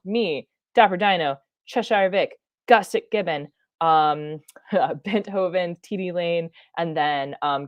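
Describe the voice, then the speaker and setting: Over a muffled recording with no room sound, a science streamer with a deep female voice talks through a live-stream reaction. She rambles, filling her speech with fillers, restarts, laughs, and self-interruptions.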